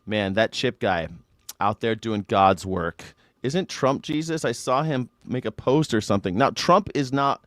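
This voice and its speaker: A man's voice: medium pitch, no room sound. Male host, sarcastic news-reaction ranting, dry recording. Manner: irreverent, mocking, sarcastic ranting. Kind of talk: live news reaction commentary.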